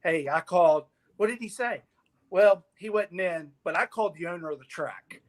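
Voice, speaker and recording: A man, a guest on a talk show, telling an animated story and acting out the people in it. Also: sits high, moderate pace. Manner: lively, laughing, acts out the people in his story. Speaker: guest sponsor representative.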